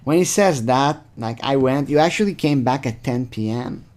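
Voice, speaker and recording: A man's voice: mid-range voice, lively intonation, normal speed, darkish tone. A man hosting his channel, giving rambling, sarcastic casual commentary full of fillers. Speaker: channel host. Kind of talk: casual commentary reading chat logs.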